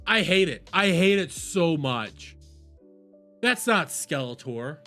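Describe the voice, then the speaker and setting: A man's voice: fairly high pitch, very animated, takes it slowly, pushed and bright, soft background music. A young adult man giving profane, rambling reaction commentary as a video host.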